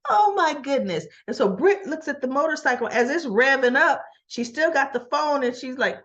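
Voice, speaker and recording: A woman's voice: high-pitched, moderate pace, highs cut off. A woman recapping and reviewing a soap opera episode in casual chat, acting out the characters' lines and laughing often in disbelief. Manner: animated storyteller, acts out characters' lines; laughs often, teasing and incredulous.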